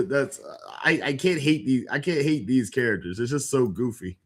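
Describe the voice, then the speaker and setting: A man's voice: mid-range voice, expressive, normal speed, few pauses. A man streaming, chatting casually in a laid-back, rambling way over the game. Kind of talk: casual live-stream commentary.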